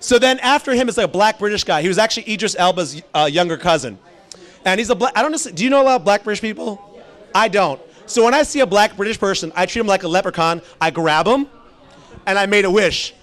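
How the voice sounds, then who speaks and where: A man's voice: high voice, fast. A male stand-up comedian telling rambling stories and talking with the audience. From immigrant background. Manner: animated, rambling, crowd work.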